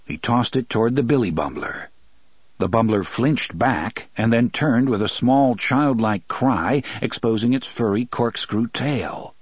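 A man narrating an audiobook with expressive storytelling. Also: medium pitch, unhurried, breathy edge, no echo. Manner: expressive storytelling, many voices. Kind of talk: scripted narration.

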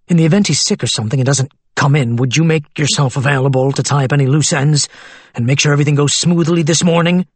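A man's voice: a little high, fast talker, no echo, natural voice. A man doing an impatient, clipped senior partner.

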